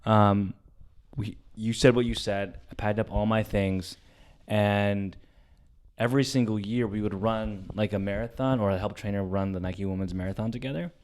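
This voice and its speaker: A young man with a lowish voice tells a story on a casual comedy podcast. He is animated and profane, jumping between loud bursts and quiet, hushed passages. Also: moderate pace. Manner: animated, swears a lot, swings from loud to hushed. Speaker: podcast co-host.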